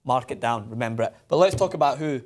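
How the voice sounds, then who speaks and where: A man, hosting a casual sports chat show and breaking down football tactics with teasing banter. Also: mid-range voice. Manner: quick, animated football analysis with teasing banter.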